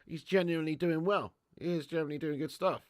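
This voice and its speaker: A matey man runs a live football watch-along, reading out fan messages in loose slangy chat. His voice sits a little high for a man and sounds close and dry, with no room echo. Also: fast talker. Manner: chatty and matey, laced with slang and swearing. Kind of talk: live stream chat reading super chats.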